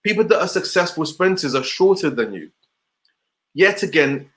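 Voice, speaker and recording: A man's voice: high-pitched, big pitch swings, normal speed, a bit bright. A man giving an online motivational session over a video call, repeating rhetorical questions to his audience. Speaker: motivational speaker.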